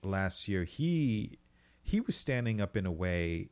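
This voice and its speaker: A man's voice: deep voice, big pitch swings, slow. A man in casual chat who laughs often and eagerly backs up his co-host.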